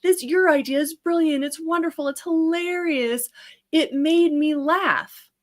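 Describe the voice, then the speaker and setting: A woman mimicking a flattering AI chatbot in a high, slow, overly sweet voice. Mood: gushing. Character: gushing flattering AI chatbot, sexless and sugary.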